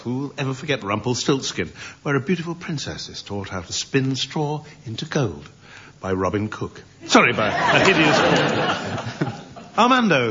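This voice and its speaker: A man hosting a comedy quiz, reading scripted news items with deadpan punchlines. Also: medium pitch. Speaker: quiz host. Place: studio with audience. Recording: muffled broadcast recording with background noise.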